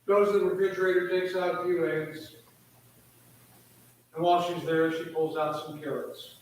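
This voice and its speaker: A man, a church minister, preaching a sermon as he tells an illustrative story with drawn-out pauses. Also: sits high, flat delivery.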